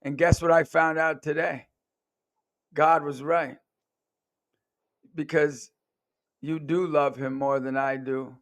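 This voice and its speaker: A man's voice: a little high, flat delivery, slow, long pauses. A man hosting a podcast, telling personal stories in an earnest, conversational way and acting out the voices of the people he quotes. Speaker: podcast host.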